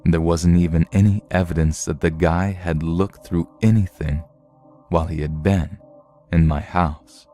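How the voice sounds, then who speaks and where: Man, horror story narrator, low pitched, mellow tone, measured reading. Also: faint music behind. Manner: steady, measured storytelling read.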